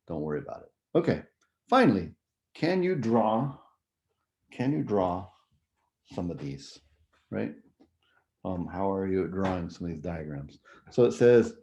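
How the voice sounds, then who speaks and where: A man with a deep, mellow voice explains music theory concepts to his students in an easygoing lecture. He keeps checking that they follow along. The recording sounds muffled and lo-fi. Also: creaky. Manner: explanatory, conversational, frequent "right?" and "okay?" checks.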